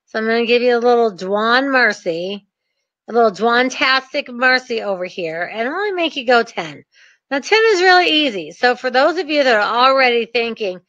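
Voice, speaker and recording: A woman's voice: a little high, expressive, moderate pace, a bit bright, no room sound. A woman coaching real estate investors in a chatty, ranting way with sarcastic asides. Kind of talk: energetic coaching talk. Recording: dull, dry lo-fi recording.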